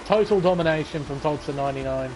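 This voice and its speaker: High-voiced, excitable sim-racing commentator man. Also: fast talker. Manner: excitable, swears, breaks into laughs. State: sleepy. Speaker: league race commentator. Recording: race car engine noise behind. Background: racing game car sounds.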